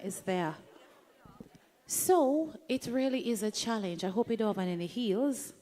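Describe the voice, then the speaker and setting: A Jamaican woman with a medium-pitched, dark-toned voice hosts a live event and leads the audience in an activity. She's chatty and playful, teasing the crowd as she goes.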